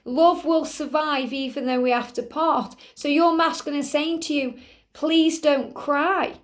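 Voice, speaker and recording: A woman's voice: sits high, moderate pace. A woman giving a spiritual reading in an earnest, reassuring way, often adding small asides to the listener. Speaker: spiritual reader.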